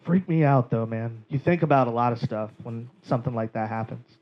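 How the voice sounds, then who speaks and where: A male stand-up comedian telling a story on stage in a comedy club, in an animated, profane way, slipping into quoted voices. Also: medium pitch, fairly quick. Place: comedy club stage before a live audience. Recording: dull live club recording with audience laughter.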